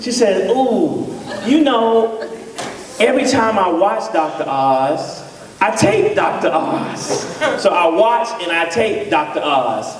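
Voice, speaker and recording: A man's voice: high voice, lively intonation, takes it slowly, distant mic, a little hiss or hum. A man, a psychologist, giving a humorous talk to couples in a church, acting out the lines of both partners in his stories. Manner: storytelling, acts out dialogue in voices. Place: church hall. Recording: echoey church hall, mic from afar, audience. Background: laughing audience.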